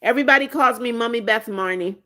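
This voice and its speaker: A woman's voice: a little high, fast, a bit bright. Playful woman in her seventies. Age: 70s. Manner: playful, teasing, frequent laughs. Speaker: livestream host. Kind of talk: casual livestream chat, reading viewer comments aloud.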